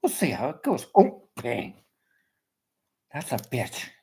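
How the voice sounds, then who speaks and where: Gravelly older man ranting angrily. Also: medium pitch, wildly swooping pitch, takes it slowly, warm tone, low-quality recording. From Canada. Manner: agitated, ranting, blunt and profane. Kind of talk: angry personal rant.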